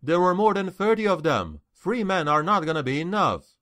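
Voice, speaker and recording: A man's voice: high-pitched, very animated, fairly bright tone, voice pushed up. A man voicing a cunning rogue in an audiobook, urgently feigning alarm to fool the guards. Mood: urgent pleading. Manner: sly, quick-witted. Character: cunning male rogue feigning injured panic.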